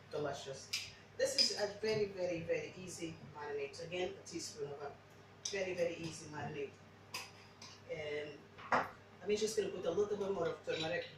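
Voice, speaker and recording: In a home kitchen, a non-native English speaker gives a chatty, meandering cooking demonstration full of restarts. Her fairly low voice comes through very echoey from a distant mic, with a lot of noise around her.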